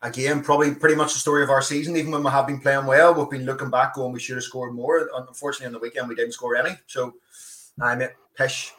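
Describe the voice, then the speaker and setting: A Northern Irish man chatting as a football podcast panelist, relaxed and chatty. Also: mid-range voice, quick pace, roomy sound. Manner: relaxed, chatty, says mate a lot. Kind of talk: casual podcast chat.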